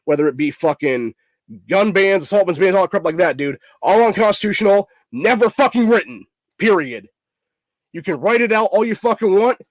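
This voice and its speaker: A man's voice: sits high, dry recording. A man from hosting a political commentary show, ranting angrily and swearing constantly, with "dude" at every turn. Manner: angry, profane, repeats "dude". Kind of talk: ranting commentary over news clips.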